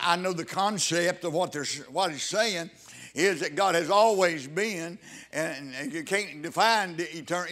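A male preacher delivers a fervent sermon in a high voice, halting and stumbling through repeated restarts, his emphasis rising loudly.

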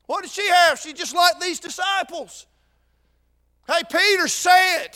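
A man preaching a sermon with fervor, going from shouted peaks to quiet intensity and repeating words as he restarts his sentences. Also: very high-pitched, measured pace.

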